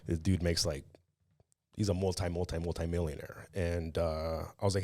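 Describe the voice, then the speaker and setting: Male podcast host, lowish voice, lively storyteller, dry close mic. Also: normal speed, no echo. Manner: laughs a lot, animated storytelling. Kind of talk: casual interview chat.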